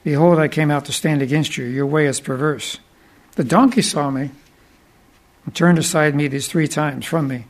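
A preacher reading a stern angel's rebuke. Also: male voice, fairly high pitch, steady tone, moderate pace, lightly acted.

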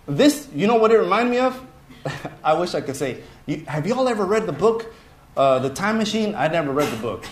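A man's voice: high voice, fairly quick, slight background noise. Chuckling man telling a story in a roomy space. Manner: animated, chuckling through his story. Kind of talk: casual anecdotal storytelling. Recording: roomy echo.

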